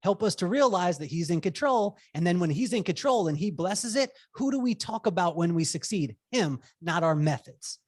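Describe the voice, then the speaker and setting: Clean studio sound with no room noise carries this man's high, expressive voice at a moderate pace, hardly pausing. He's a business coach in his forties from Southern California, a podcast guest spinning animated stories, laughing a lot, cursing casually and performing quotes.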